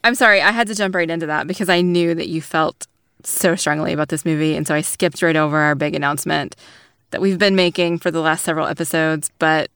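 A woman's voice: low-pitched, steady tone, fast, a bit bright, smooth, dry recording. A woman co-hosting a podcast in casual chat, dry and amused, laughing easily. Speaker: podcast co-host.

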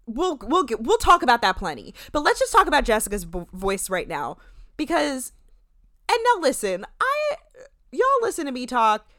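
A young woman with a New Jersey accent, co-hosting a podcast and chatting casually, animated and opinionated, with quick asides. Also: sits high, dry recording, clean studio sound. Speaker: podcast co-host. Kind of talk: casual chat.

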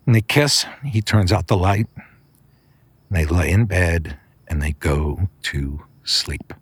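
A man's voice: sits low, slow, husky, no room sound. A middle-aged man hosting a podcast, improvising a bedtime story in a loose, conversational way with fillers and restarts.

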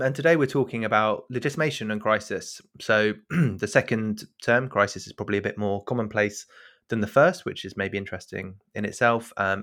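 A man's voice: lowish voice, fairly bright tone. A man with a South African accent co-hosting a discussion podcast, chatty and self-mocking, with frequent fillers. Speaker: podcast co-host. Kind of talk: casual discussion.

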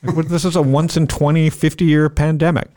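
A man's voice: a little high, level tone, brisk, dark tone. A middle-aged man hosting a podcast in a casual joking chat, rambling and self-mocking, jumping off topic. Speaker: podcast host.

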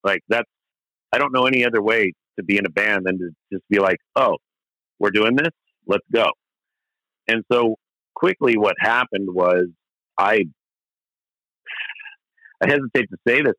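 Middle-aged male musician guest, candid and rambling, low-ish bright tense voice, dry close recording. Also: normal speed, pauses often, dry recording, poor audio. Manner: rambling, many restarts and fillers, candid and profane. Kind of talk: casual storytelling interview.

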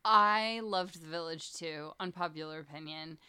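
Woman, mom podcast co-host, casual chat, jokey, self-deprecating, sharp tone. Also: low-pitched, moderate pace, clear, resonant tone.

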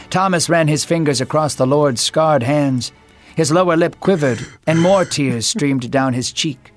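A man narrating a scripted Bible story in a steady storytelling manner. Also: fairly high pitch, measured pace, soft background music.

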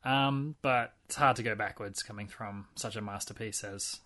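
A man's voice: fairly low pitch, moderate pace, sharp tone. A man co-hosting a podcast in casual chat, rambling and wry, with many fillers and restarts. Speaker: podcast co-host.

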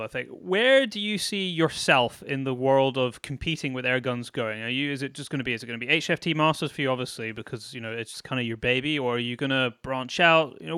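A man hosting a casual interview, asking questions in a relaxed, conversational way. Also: mid-range voice, no room sound, studio quality. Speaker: podcast host.

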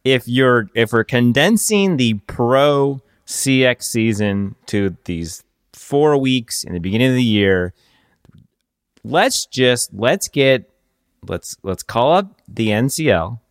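A man's voice: medium pitch, animated, no room sound, studio quality. Rambling man co-hosting a podcast. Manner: rambling, trails off, quick bursts. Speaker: podcast co-host. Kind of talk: casual podcast chat.

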